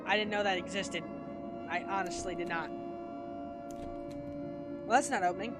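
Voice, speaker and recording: A woman's voice: fairly low pitch, normal speed. A woman giving let's play commentary on a horror game, panicky, laughing and screaming, repeating pleas over and over. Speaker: gamer. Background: game music.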